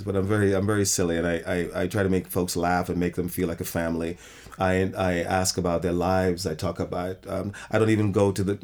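A middle-aged man, a theater director, talking reflectively in an interview and often restarting his sentences. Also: sits low. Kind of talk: interview conversation.

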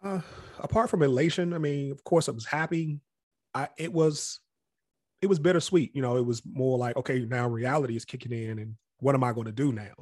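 A man's voice: mid-range voice, fairly quick, darkish tone, dry recording, clean studio sound. A man who grew up near Washington, D.C., speaking as an interview guest and telling his story in a candid, reflective way. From Capitol Heights area near Washington, D.C. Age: adult past college age. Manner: reflective and candid, often acts out other people's voices.

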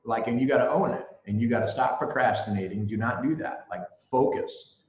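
A man chatting as a guest on a podcast, telling stories in an excitable, emphatic, self-mocking way. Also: mid-range voice, fairly quick. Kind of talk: animated storytelling chat. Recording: echoey room, dull sound.

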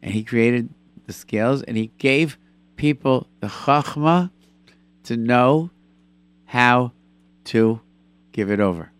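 A man hosting a call-in radio show, chatting with callers and telling animated stories with lots of repetition. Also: mid-range voice, slow pace, pauses often, clear, resonant tone, no echo. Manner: animated storyteller, repeats himself for emphasis. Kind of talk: call-in radio chat and storytelling.

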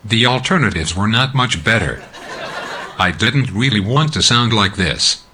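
A male comedian demonstrating an alternative male text-to-speech voice with a deadpan delivery. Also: fairly low pitch, unhurried, slight background noise. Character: alternative male synthetic voice, flat and plain.

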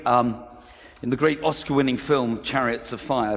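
A man in his fifties preaching a sermon with enthusiasm, often pausing on fillers and repeating key phrases. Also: medium pitch, vocal fry. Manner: enthusiastic, with frequent fillers and repetitions. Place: church hall. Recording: reverberant hall.

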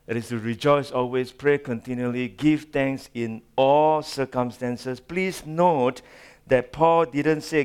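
A male pastor preaching a sermon, swinging from loud, drawn-out phrases to hushed asides. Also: medium pitch, steady tone, clean tone.

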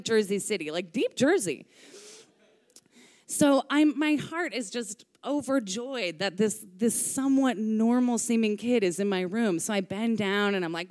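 A woman's voice: on the high side, a little mellow. A woman telling a comic personal story, chatty, swearing freely and acting out the voices she quotes.

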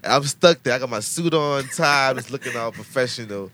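A young man telling a long story in casual chat, slangy and animated, acting out the people he quotes. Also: medium pitch, a little fast, a crowd in the background. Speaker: podcast guest telling a story.

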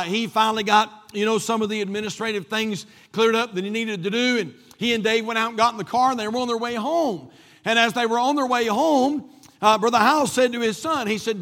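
High bright-voiced preacher in a hall. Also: male voice, normal speed. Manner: preachy, repeats phrases for emphasis. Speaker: pastor. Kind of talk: sermon. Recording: long hall reverb.

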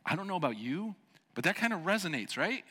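A male pastor delivers a sermon in a church sanctuary, his voice bright and forward. He is animated and jokey, slipping into playful voices for the characters in his story. A long reverb from the hall trails each phrase. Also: high voice, fast talker, breathy edge. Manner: animated, jokey, acts out voices of the people he preaches about.

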